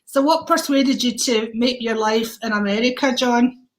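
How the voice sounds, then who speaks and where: A woman's voice: a little high, normal speed. A woman hosting a casual livestream chat about mediumship, effusive and enthusiastic as she greets viewers by name. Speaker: host, mediumship teacher.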